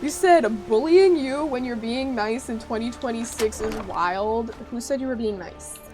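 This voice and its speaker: A woman's voice: a little high, normal speed. A woman livestreaming a game, chatting casually and teasing her viewers playfully. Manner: playful teasing, banter with chat. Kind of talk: casual livestream chat while gaming. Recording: game music under the voice. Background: game music.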